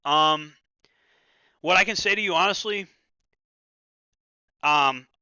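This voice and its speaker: A man's voice: high-pitched, slow, bright, forceful tone, clean tone, no room sound, dull audio. A man hosting a livestream, chatting casually and loosely, with plenty of swearing and stammered restarts. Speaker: livestream host. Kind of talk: casual rambling livestream chat.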